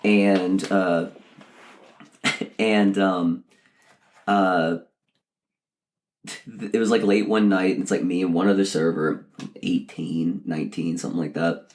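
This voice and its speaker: Deep-voiced man, rambling and laughing. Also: steady tone, takes it slowly, long pauses. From Texas. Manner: rambling with many fillers and laughs. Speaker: podcast co-host. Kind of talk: casual storytelling chat.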